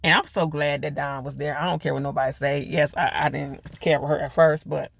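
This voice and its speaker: A man's voice: a little high, fairly even intonation, fairly quick, vocal fry, a bit bright. A man recapping a TV episode in a chatty, slangy way, full of fillers. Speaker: TV reviewer.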